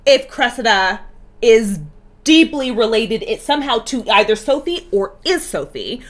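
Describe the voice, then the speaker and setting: A woman hosting a casual TV reaction chat, animated and freely swearing. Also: a little high, unhurried. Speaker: host.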